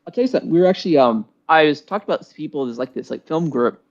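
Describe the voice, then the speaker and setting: A man's voice: on the high side, expressive, rapid-fire, muffled recording. A man chatting casually on a podcast, rambling and full of "like" fillers. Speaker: podcast co-host. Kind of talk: casual chat.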